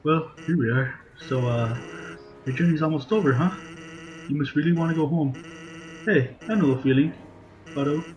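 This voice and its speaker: A man's voice: fairly high pitch, moderate pace, pauses often, a little mellow, natural voice, rough recording. A man doing a laid-back joking skeleton. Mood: easygoing. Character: laid-back male skeleton joker, easygoing.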